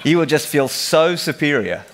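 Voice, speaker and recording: A man's voice: on the high side, expressive, normal speed, a little hiss or hum. A man giving a humorous technical conference presentation, telling the story like a joking storyteller. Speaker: conference speaker.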